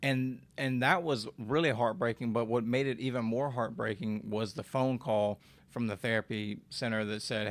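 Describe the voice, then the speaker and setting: A man's voice: mid-range voice, steady tone, normal speed, dry recording. A man in his twenties, a podcast guest telling his personal story in a candid, raw way and swearing freely.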